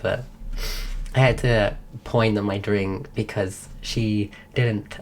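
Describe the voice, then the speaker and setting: A woman's voice: a bass voice, fairly even intonation, takes it slowly, darkish tone. A woman streaming, telling a rambling story in casual chat while losing her voice. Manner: rambling, full of restarts.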